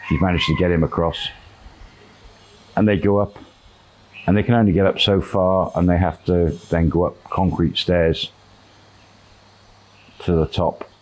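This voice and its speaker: A man telling a long story in a relaxed, rambling way, with fillers and quoted dialogue. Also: low-pitched, a little slow, long pauses, poor audio. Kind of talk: casual spoken storytelling.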